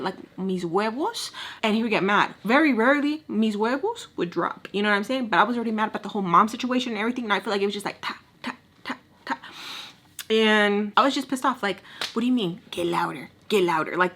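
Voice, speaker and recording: A young woman talks casually into the camera as she does her makeup, telling a personal story and leaning on "like" at every turn. Her voice is a bit husky and breathy, sitting at a middling pitch for a woman. When she acts out quotes, she breaks into sudden lively bursts. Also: quick pace. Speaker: storytime vlogger.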